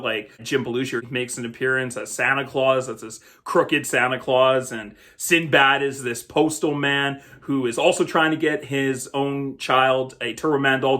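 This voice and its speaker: A man's voice: medium pitch, bright, forceful tone. A man hosting a film review show, talking casually and conversationally about a movie. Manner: chatty, conversational, laughs now and then.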